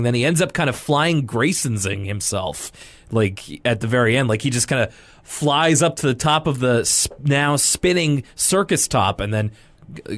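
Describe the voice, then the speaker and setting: A man's voice: mid-range voice, no echo. Rambling young man with dry sound. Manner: rambling, joking, animated quoting. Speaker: podcast co-host. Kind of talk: casual chat recapping a cartoon.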